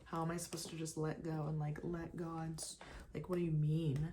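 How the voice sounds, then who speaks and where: With background noise behind her low-pitched voice, a young lifestyle vlogger talks through her makeup in her apartment. The casual get-ready-with-me chat is animated, fast and loose, loaded with "like" and "you guys," and dips into whispers at times.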